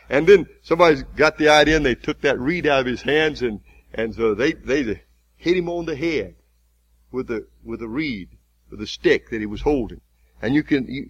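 A man preaching a sermon, retelling a story vividly with halting restarts. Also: mid-range voice, no echo, dull audio.

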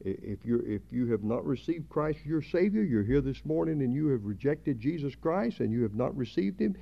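A man preaching a sermon at a church service, emphatic, swelling louder on key words. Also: mid-range voice, lively intonation, brisk, vocal fry. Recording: dull lo-fi sermon recording.

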